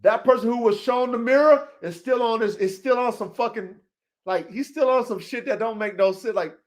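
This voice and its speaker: A man with a strikingly high-pitched voice hosts his own show about working dogs and vents at his viewers. He curses constantly and swings between muttered asides and heated shouting. He often stumbles and repeats himself mid-thought. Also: moderate pace. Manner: repeats and trails off into restarts. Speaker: podcast host and dog breeder. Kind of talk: rant to viewers.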